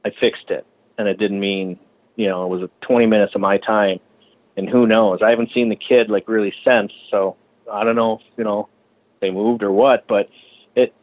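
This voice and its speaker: A man's voice: fairly low pitch, fairly even intonation, moderate pace, phone-quality sound. A custom bicycle frame builder, a man telling stories in a casual podcast interview, swearing freely and ranting heatedly.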